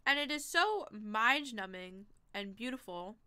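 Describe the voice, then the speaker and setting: A woman's voice: a little high, expressive, unhurried, sharp tone, clean tone. A young woman streaming a game, chatting casually, reading chat aloud and poking fun at herself. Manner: chatty, self-deprecating, reads chat aloud.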